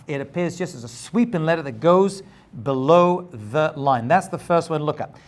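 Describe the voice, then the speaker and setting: A man's voice: on the high side, expressive, normal speed. Patient male teacher checking in often. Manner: patient, repeats points and checks in with "okay?"; corrects his own slips on the fly. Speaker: rabbi teaching Hebrew script. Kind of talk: step-by-step lesson.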